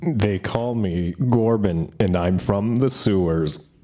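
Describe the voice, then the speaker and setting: Deadpan sewer dweller, voiced by a man, low and unhurried. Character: sewer creature contestant Gorbin, calm.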